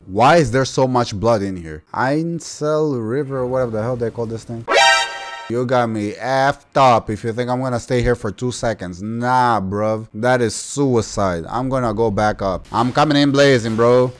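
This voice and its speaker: A young man giving casual gameplay commentary as a YouTuber, excitable and slangy, yelping and talking back to enemies. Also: medium pitch, normal speed. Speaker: gaming YouTuber.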